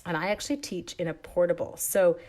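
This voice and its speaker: A woman's voice: fairly low pitch, steady tone, a little fast, a little mellow. Chatty Canadian woman demoing crafts. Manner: chatty, rambling, self-interrupting. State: sick, coughing. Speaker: stamping demonstrator. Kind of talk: live craft demo with chatty stories.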